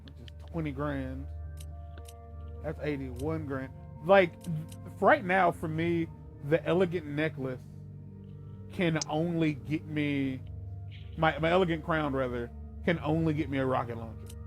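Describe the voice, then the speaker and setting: A man's voice: fairly high pitch, measured pace, pauses often, faint music behind. A young man hosting a casual let's play, chatty and rambling while he plays. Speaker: gaming channel host.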